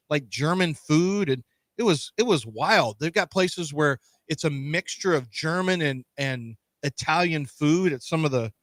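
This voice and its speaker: A man's voice: on the high side, a bit bright, dry recording. A man co-hosting a sports radio show, chatting casually with jokes and playful teasing. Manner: joking, playful, mock-condescending. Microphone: studio microphone.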